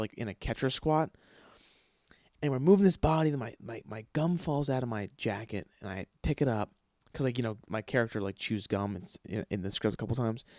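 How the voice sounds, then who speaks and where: Recorded clean in a studio with no echo, a man of medium pitch and darkish tone hosts a podcast. His long, casual story is profane, rambling and packed with fillers, and he voices the dialogue of its characters himself.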